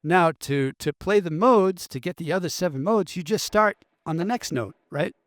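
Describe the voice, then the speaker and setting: A man giving a relaxed, chatty guitar lesson, full of fillers and quick asides. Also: high voice, no room sound, studio quality. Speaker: guitar teacher.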